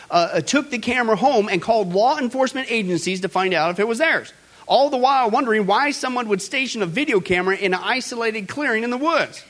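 A man's voice: sits high, a bit bright. A male host giving emphatic, preaching commentary and often addressing his audience directly. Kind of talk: preaching commentary on current events.

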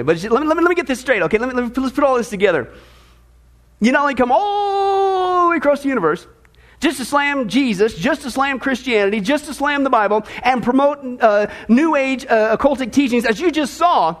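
A male pastor preaching an animated, sarcastic sermon, full of rhetorical questions. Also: very high voice.

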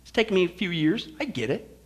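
A man preaching a sermon in church, folksy and joking, swinging from quiet asides to loud exclamations. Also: high voice, very animated, fast talker. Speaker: pastor.

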